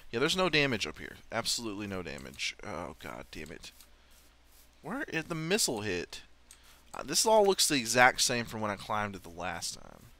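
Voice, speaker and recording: A man's voice: on the low side, bright, forceful tone. A young man giving casual, self-mocking commentary on his own game play, swearing and laughing often. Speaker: let's play host.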